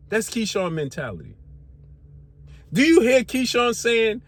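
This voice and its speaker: A man's voice: extremely high pitch, big pitch swings, a little slow, long pauses. A man hosting a sports channel, firing off rhetorical questions in a heated, slangy boxing commentary rant. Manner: slangy casual speech.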